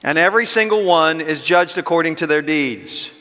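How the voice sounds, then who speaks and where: A man's voice: on the high side, animated, pushed and bright. Emphatic man preaching in a reverberant hall. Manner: emphatic, rhetorical questions, slows down to stress points. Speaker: pastor teaching an equipping class. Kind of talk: expository sermon teaching. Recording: long reverb of a church hall.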